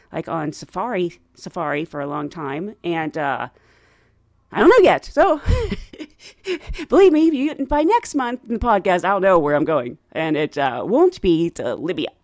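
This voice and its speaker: A woman's voice: on the low side, dry recording, clean studio sound. Bubbly laughing woman podcast host. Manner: bubbly, laughs often, animated quoting. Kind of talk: casual storytelling chat.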